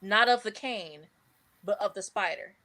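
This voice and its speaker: A woman chatting casually with friends, her voice at an ordinary middle pitch. She tells stories with lively energy, breaks into laughter often and acts out her own reactions in quick bursts. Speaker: podcast co-host. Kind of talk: casual chat.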